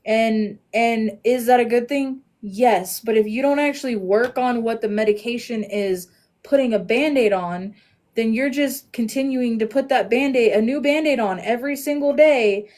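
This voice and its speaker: A woman hosting a casual podcast chat, earnest and reflective, often trailing off softly. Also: on the high side, normal speed. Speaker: podcast host.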